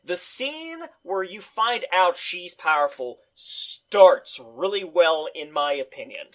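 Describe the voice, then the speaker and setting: A man co-hosting a casual movie review chat, ranting in a profane, animated way. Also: sits high.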